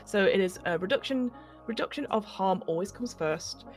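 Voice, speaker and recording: A woman's voice: mid-range voice, expressive, normal speed, faint music behind. A woman hosting a livestreamed tabletop role-playing game as its facilitator, talking in a rambling way full of ums and self-corrections. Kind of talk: casual chat running a tabletop game.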